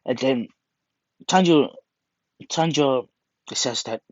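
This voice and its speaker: A man's voice: medium pitch, unhurried, no room sound. A man retelling a story in a rambling, casual way, full of restarts and fillers, on a muffled, dry recording.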